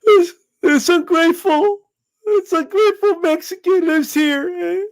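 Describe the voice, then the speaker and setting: A man putting on the voice of a shrill, outraged male patriotic fan who rants in a whiny, indignant way. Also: a little slow. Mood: outraged whining.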